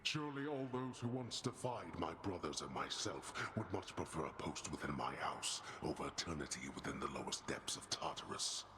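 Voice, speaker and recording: An actor playing a cold, commanding god of the dead in a video game, scornful and stern. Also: male voice, rumbling low, lively intonation, a little fast, few pauses, sharp tone, echoey room, slight background noise, heavily acted.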